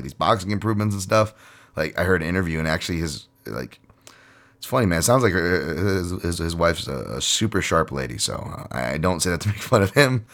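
Man, podcast host, very low voice, casual rambling chat, swears a lot, jokey. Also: a bit bright. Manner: profane, rambling, jokey, many fillers.

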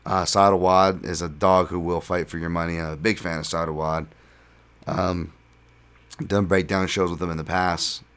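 A man with a very low voice hosts a solo podcast. He talks in a loose, rambling way and leans on "um" and "uh" as he thinks. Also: moderate pace, clean tone. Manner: relaxed, rambling, filler-heavy. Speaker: podcast host. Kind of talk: casual solo podcast talk.

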